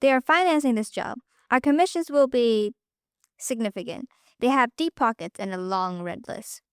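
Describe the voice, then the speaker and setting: A woman voicing a cold female operative who speaks in a flat, matter-of-fact way. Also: on the high side, moderate pace, clean tone, no echo, studio quality, natural voice. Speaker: student reader. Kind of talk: amateur story reading.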